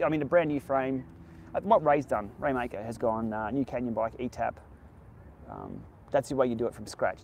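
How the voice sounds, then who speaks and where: Gravelly man chatting live. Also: mid-range voice, a little mellow, slight background noise. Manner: candid, laid-back, answers viewer questions off the cuff. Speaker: cycling tech channel host. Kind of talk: casual live-stream Q&A. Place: outdoors by the beach.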